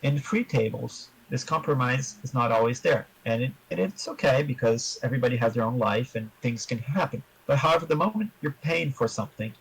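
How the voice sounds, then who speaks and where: A man answering interview questions about his tabletop game in a measured, explanatory way, giving advice to other players. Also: mid-range voice, animated, husky, rough recording.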